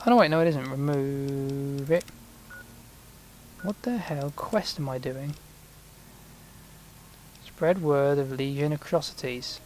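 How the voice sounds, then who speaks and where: A man's voice: mid-range voice, slow pace, long pauses, a little mellow, a little hiss or hum. A man giving rambling, sarcastic commentary while he plays a video game. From Britain. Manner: rambling, sarcastic, mutters to himself. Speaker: gameplay commentator.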